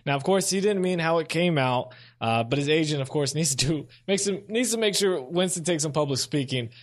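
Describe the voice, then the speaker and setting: A young man with a slightly higher voice hosts a solo sports commentary show. He speaks casually and thinks out loud. His delivery is opinionated. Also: animated, brisk.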